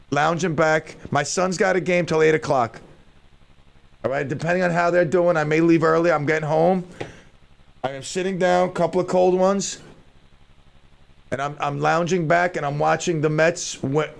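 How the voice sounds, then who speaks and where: Give me a gravelly-voiced man in a small radio studio, chatting in a loose, scattered way about his day. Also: a little high, fairly even intonation, moderate pace. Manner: scattered, self-mocking, thinks aloud while fiddling with gear. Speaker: radio show host. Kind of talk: rambling casual radio talk.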